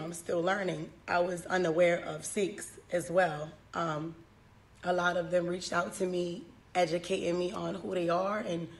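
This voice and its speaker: A woman comedian reading a scripted apology to camera, halting, with fillers. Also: lowish voice, gravelly.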